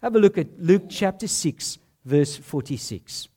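Slow, expressive preacher's sermon voice. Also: mid-range voice, husky. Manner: emphatic, rhetorical questions; measured, punchy short phrases.

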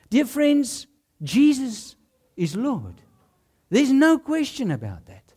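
A preacher speaking slowly and deliberately, pitch rising and falling with lively emphasis. The sermon builds through rhetorical questions and short, punchy lines. Each point is given room to land. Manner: measured, punchy short phrases.

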